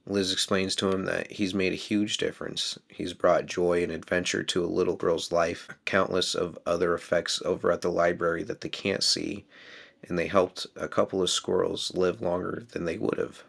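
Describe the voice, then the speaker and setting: A man's voice: sits low, level tone, normal speed, gravelly, fairly bright tone. A man casually recapping a book chapter and musing aloud with questions about it. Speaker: book discussion host.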